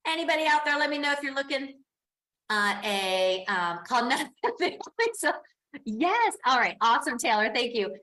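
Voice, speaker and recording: Bright upbeat woman coaching online. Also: a little high, expressive, unhurried, reverberant. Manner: upbeat, encouraging, acts out quoted voices. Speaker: business coach. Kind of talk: online class teaching.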